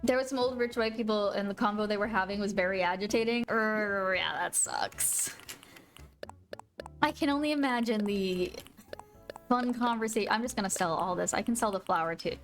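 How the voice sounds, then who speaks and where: A woman's voice: mid-range voice, quick pace. A woman live-streaming a video game, chatting casually with viewers and gushing over her pets. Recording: faint music behind.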